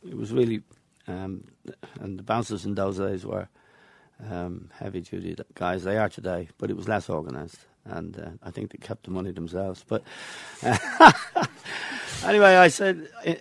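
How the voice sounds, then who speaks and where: Gravelly older Irish man reminiscing. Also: low voice, normal speed, dry recording. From Ireland. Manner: anecdotal, chuckles between stories. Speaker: interview guest. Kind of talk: reminiscing interview.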